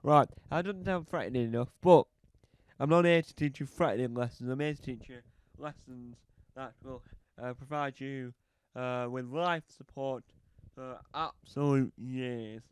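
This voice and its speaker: A woman doing a bossy loud builder. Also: very deep voice, measured pace, smooth, no echo, pitched below the performer's own voice. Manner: barking drill-sergeant instructions. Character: bossy loud female builder training recruits. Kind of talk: comedy sketch character.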